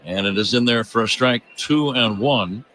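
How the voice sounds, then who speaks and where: Baseball radio play-by-play, man, steady and genial, bright ringing tone, mid pitch. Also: moderate pace, slight background noise. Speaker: play-by-play announcer.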